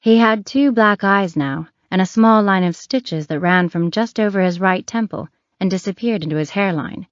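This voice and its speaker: A woman reading an audiobook thriller in a measured, even scripted narration. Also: medium pitch, no room sound. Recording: dry, muffled.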